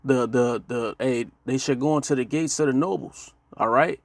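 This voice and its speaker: Gravelly preacher man, "man, okay?". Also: mid-range voice, normal speed, dry recording. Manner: tags nearly every phrase with "man" and "all right?"; emphatic, call-and-response checks with listeners. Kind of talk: casual sermon reading scripture.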